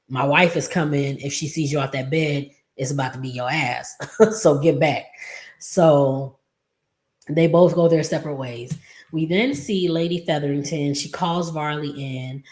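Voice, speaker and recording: A woman's voice: sits low, a little mellow. A woman hosting a casual episode recap, rambling through the plot with lots of fillers and quoted lines. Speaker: recap host.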